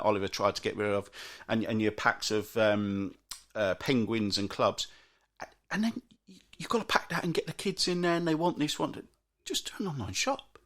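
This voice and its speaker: A man's voice: mid-range voice, a bit bright. A man hosting a solo podcast, grumbling in an exasperated, sarcastic way. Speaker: podcast host. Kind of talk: ranting solo podcast monologue.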